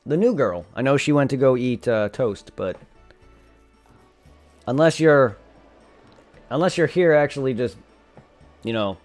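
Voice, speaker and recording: There's a darkish tone to this young man's mid-range, expressive voice, and he speaks at a measured pace with long pauses. Chatting on a live game stream through a desktop condenser mic, he rambles, self-corrects, and voices game dialogue aloud. Faint music and a computer fan hum in the background.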